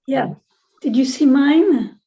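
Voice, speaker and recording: A female student asking questions on a video call, unsure as she speaks. Her voice is fairly high but mellow, and the call audio is dull and lo-fi. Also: slow pace, gravelly. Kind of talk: casual class questions.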